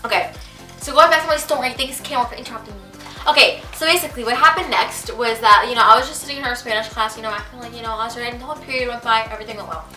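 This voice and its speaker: A woman's voice: on the high side, sharp tone, echoey room, far from the mic, soft background music. A teenage girl telling a story to the camera in casual vlog chat, chatty and full of filler words. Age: teens. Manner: chatty, quick, lots of filler. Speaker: vlogger.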